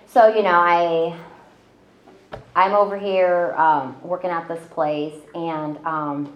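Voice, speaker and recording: A woman telling her own story in casual conversation, chatty and self-deprecating, with lots of fillers. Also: on the low side. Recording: roomy, slightly dull audio.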